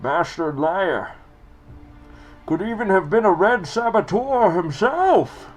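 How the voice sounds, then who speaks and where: A booming, muffled villain speaks from behind a mask, grandiose and threatening, as a man puts on the voice. He is pitched well above the performer's usual talk, with a strained, altered timbre. Faint music plays underneath. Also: sing-song, slow pace, full character voice. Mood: menacing. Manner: theatrical, booming, menacing reading. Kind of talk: dramatic reading of game text.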